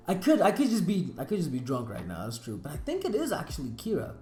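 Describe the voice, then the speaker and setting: Slangy, profane anime video host. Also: female voice, sits low, huge pitch swings, fast talker, few pauses, a little mellow, faint music behind. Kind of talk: casual tier-list commentary. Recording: roomy echo.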